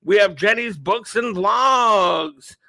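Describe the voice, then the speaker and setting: Chatting on a relaxed livestream, a male host calls a mock race, names viewers as he greets them, and thinks out loud. He speaks slowly in a high, creaky voice that's pushed and bright, with no room sound.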